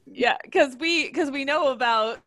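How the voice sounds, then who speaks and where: A woman's voice: sits high, unhurried, fairly bright tone. A woman interviewing an actress in a friendly, casual way.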